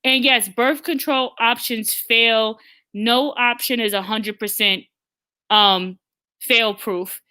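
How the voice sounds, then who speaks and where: A woman's voice: fairly high pitch, steady tone, slow, pushed and bright, smooth. A woman hosting an opinionated live talk stream, blunt and emphatic, often stammering and restarting her sentences. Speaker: host.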